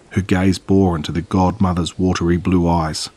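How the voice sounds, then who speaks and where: A man narrating a horror story in a measured, dramatic way. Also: deep voice, level tone, darkish tone, slightly rough.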